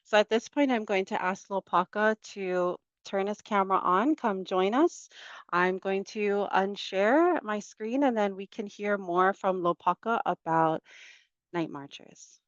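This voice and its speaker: A woman's voice: medium pitch, unhurried, no echo. Woman host on dull lo-fi audio. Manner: enthusiastic, repeats words for emphasis. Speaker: event host. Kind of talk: introducing a guest. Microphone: video call. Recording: dull lo-fi video call audio.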